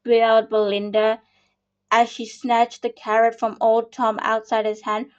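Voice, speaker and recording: A woman reads a children's picture book aloud at an unhurried, patient pace, now and then stumbling and starting a phrase again. Her voice sits a little high, and the recording has a dull, lo-fi sound. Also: flat delivery. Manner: slow, patient reading with small slips and restarts. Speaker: storyteller.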